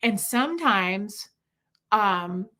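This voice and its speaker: A woman hosting a livestream, answering viewer questions in a casual, animated, rambling way. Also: medium pitch. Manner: animated rambling storytelling, quick bursts. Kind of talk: casual chat.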